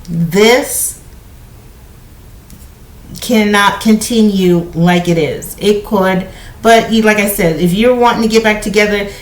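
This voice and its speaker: Woman, tarot reader, chatty and conversational, middle pitch, echoey room. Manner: chatty, conversational, heavy use of "you know" and "okay?". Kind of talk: casual spoken card reading to viewers. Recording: roomy echo.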